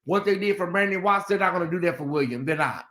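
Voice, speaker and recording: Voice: mid-range voice, fast talker, a bit bright, echoey room. A livestream host doing sassy, dramatic chat commentary and talking straight to the viewers.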